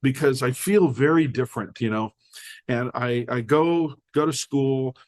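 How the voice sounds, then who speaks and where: A man's voice: medium pitch, unhurried. An older American man, a podcast guest, telling personal stories in casual conversation and acting out the dialogue. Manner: animated storyteller acting out dialogue.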